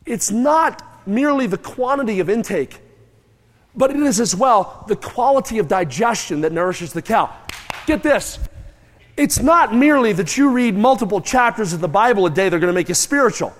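A man preaching a sermon, animated and folksy, mooing and calling on the congregation to join in. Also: high voice, moderate pace. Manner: animated, moos and chews aloud, calls on the crowd. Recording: long hall reverb.

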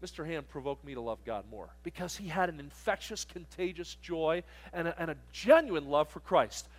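A man's voice: on the high side, expressive, normal speed. Joking, firm camp preacher man. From southern New Jersey. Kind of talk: sermon to teens.

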